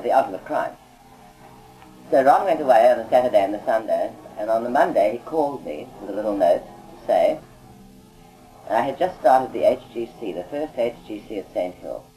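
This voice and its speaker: Recalling his past work as an auditor, a man rambles conversationally in a recorded anecdotal talk, often tacking on "you see." His voice is lowish, warm and animated, fairly quick, with faint music behind it on a rough recording.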